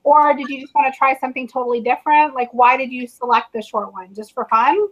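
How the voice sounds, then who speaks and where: A woman's voice: sits high, steady tone, quick pace, a bit bright, lo-fi sound. A woman hosting a livestream chat, asking her guest questions and reading out questions from viewers. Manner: asks questions, reads viewer questions. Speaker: livestream host. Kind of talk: casual chat.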